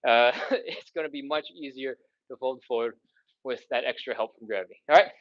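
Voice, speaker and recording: With a medium-pitched voice and a slightly quick pace, this stretching instructor runs a live follow-along routine. He counts down the holds, sighing between numbers as he stretches and gets his breath back, and the sound is lo-fi.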